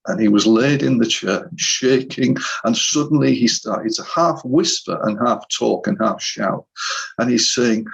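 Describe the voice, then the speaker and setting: A middle-aged man with a gravelly, husky voice tells a story animatedly and restarts his sentences often. His voice comes over a video call as dull, lo-fi audio. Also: medium pitch, normal speed. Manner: animated storyteller who re-enacts scenes, with frequent restarts. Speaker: hypnotherapist guest. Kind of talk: storytelling in a conversational interview.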